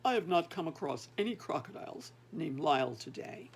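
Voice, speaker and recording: A woman's voice: low-pitched, animated, a little fast, gravelly, breathy edge, pitched below the performer's own voice, exaggerated voice. A woman voicing a formal, stiffly polite male salesman in a department store.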